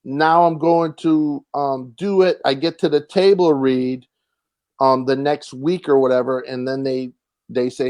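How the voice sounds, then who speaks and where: A young man, a comedian and actor, telling a rambling, animated story with frequent restarts and casual swearing. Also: mid-range voice, unhurried, clear, resonant tone. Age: young adult.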